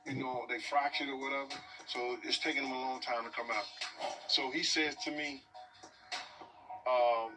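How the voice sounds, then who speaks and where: A man's voice: medium pitch, level tone, normal speed, long pauses. A man recounting events in a played interview clip, talking conversationally and checking in with his listener. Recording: distant mic with music underneath.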